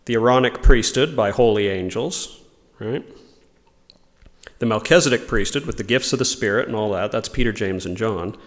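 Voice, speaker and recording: A man's voice: fairly low pitch, normal speed, in a large hall. Man teaching a reflective religious lesson. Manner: thoughtful, explanatory, reads quotations aloud.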